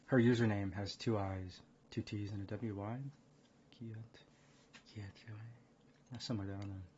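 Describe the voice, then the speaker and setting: A man's voice: fairly low pitch, steady tone, normal speed, darkish tone. A man streaming a card game and chatting casually with his chat, rambling between thoughts. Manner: rambling, laughs hard at chat. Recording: dull lo-fi stream audio with faint noise.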